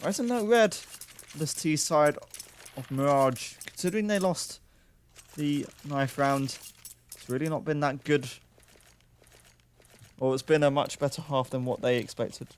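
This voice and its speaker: A man's voice: fairly high pitch, measured pace, long pauses, a little hiss or hum. A young man casting a live esports match, calling the play and chatting in joking asides. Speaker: esports caster.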